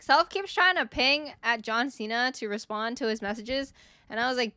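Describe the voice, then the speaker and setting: A woman's voice: on the high side, normal speed, bright, forceful tone, dry recording. A woman in her twenties chatting casually on a live stream into a desk mic, greeting viewers one by one, her voice a bit worn and giving out. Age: 20s. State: voice giving out, coughing.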